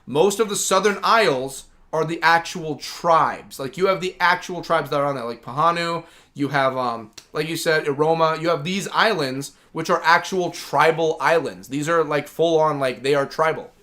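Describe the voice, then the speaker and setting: This livestream host is a man whose voice sits a little high, with a bright, forceful tone, moderate pace and few pauses. He's running a gaming stream, chatting casually and enthusiastically and rambling with plenty of "like."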